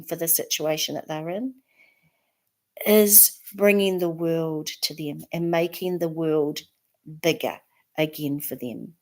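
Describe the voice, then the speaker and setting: A woman with a New Zealand accent chatting to camera in an encouraging, chatty way. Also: mid-range voice. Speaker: vlogger. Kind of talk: casual chat to camera.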